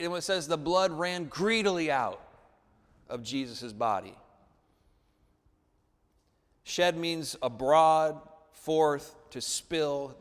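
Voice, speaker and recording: A man preaches in a church sanctuary, his fairly high voice ringing through a long hall echo. He keeps asking for amens and calls for the congregation to say lines back. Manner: call-and-response preaching, asks for amens. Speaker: pastor. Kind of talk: sermon.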